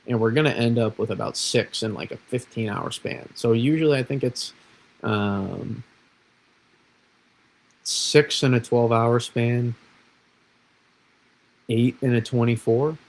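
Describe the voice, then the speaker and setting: A man's voice: medium pitch, measured pace, vocal fry, long pauses, poor audio. A man from Massachusetts, an amateur weatherman, rambling casually through forecast models on a livestream. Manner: rambling, self-deprecating, restarts often. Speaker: weather streamer.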